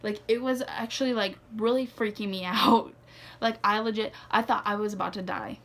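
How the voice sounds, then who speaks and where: A woman's voice: mid-range voice, steady tone, moderate pace, a bit bright. A young woman telling a story to her vlog viewers in a chatty, casual way, full of "like" and "okay". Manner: chatty, says "like" and "okay" a lot. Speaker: vlogger.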